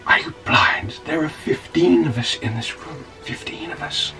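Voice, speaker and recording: A man puts on a paranoid British oddball who confides in an empty chair, his voice a slow, breathy whisper. He sounds set back from the mic. Faint music plays underneath. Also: fairly high pitch, sharp tone, distant mic, voice pushed up. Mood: secretive.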